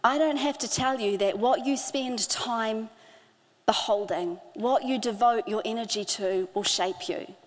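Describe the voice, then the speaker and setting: A middle-aged woman preaching a sermon, earnest, slowing down to stress key phrases. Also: a little high. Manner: earnest, with slow emphatic phrasing. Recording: hall with long reverb.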